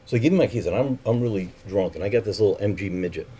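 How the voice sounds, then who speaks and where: A man's voice: on the low side, racing, warm tone, breathy edge. A man telling a personal story in a candid, profane way, acting out the voices of the people in it.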